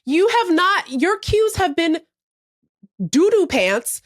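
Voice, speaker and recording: A woman co-hosting a podcast, telling a story in casual chat, animated and profane. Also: extremely high pitch, slow pace, no room sound, studio quality. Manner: animated, profane, acts out other people's lines. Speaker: podcast co-host.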